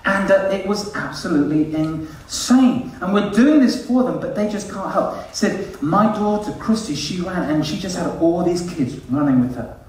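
A man telling a lively story as a church leader, acting out quoted voices. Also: sits high, normal speed, a little hiss or hum. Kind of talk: storytelling sermon. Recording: echoey hall, distant mic.

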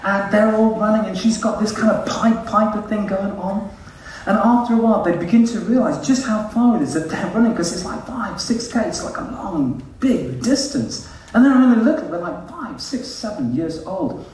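A man telling a lively story as a church leader, acting out quoted voices. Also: high voice, moderate pace, a little hiss or hum. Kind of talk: storytelling sermon. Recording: echoey hall, distant mic.

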